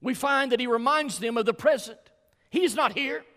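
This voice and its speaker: A man with a Southern US accent preaching a sermon as pastor, with rhythmic delivery that swells into loud climaxes. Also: very high-pitched, normal speed, in a large hall.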